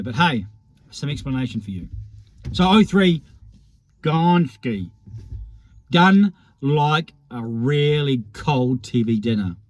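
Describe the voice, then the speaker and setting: Kiwi guy rambling about old rugby memories, wry and self-mocking, mid pitch, dry close sound. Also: a little mellow, no room sound. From New Zealand. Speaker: rugby vlogger. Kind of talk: casual reminiscing monologue.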